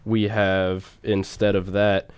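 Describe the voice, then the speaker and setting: A man's voice: fairly low pitch, level tone, slow pace, clear, resonant tone, dry recording. A young man co-hosting a casual college radio show, rambling through stats and song intros with frequent fillers and laughs.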